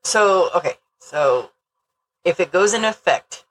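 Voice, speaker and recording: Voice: mid-range voice, expressive, a little slow, fairly bright tone, rough recording. A podcast host in casual chat who is sarcastic, laughs often and makes wry jokes.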